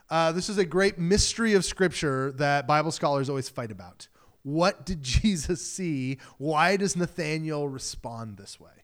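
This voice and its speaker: A man's voice: high voice, clean tone. A man preaching a sermon as pastor, talking in a loose conversational way and acting out quoted voices.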